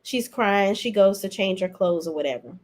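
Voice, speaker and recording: A woman's voice: mid-range voice, lively intonation, moderate pace. A woman hosting a podcast, giving a casual, blunt and sassy recap of a reality show in slangy talk. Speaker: podcast host reviewing reality TV. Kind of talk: casual opinionated recap commentary.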